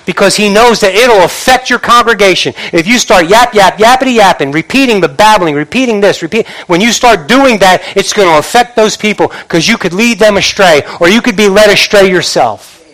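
A man preaches a sermon in a notably high voice. He is animated and repeats words for emphasis, and he now and then mimics the empty chatter he warns about. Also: normal speed. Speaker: pastor.

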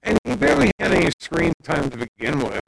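Gravelly co-host man, noisy background. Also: on the high side, huge pitch swings. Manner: dry, brief reactions, halting. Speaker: podcast co-host. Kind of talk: casual movie chat.

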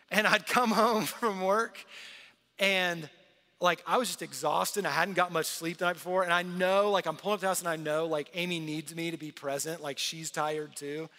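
A man in his thirties preaching a sermon to his church in a conversational, earnest way, swinging from loud to hushed. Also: high voice, steady tone, moderate pace. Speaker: pastor. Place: large church hall. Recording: long hall reverb.

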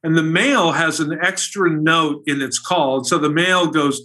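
Bright-voiced, eager male storyteller. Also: a little high, normal speed, few pauses. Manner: enthusiastic, rambling storyteller. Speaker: guest, bird illustrator. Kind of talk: casual interview.

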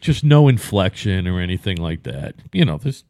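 A man's voice: sits low, big pitch swings, moderate pace, warm tone, no room sound. Boston guy in his fifties, cussing constantly, blunt chat, mic dead dry. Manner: profane, blunt banter. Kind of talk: casual chat.

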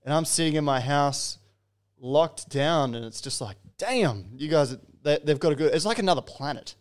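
A man's voice: on the high side, a little fast, smooth. A man hosting a podcast interview, chatty and joking, tripping over his words now and then. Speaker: podcast host.

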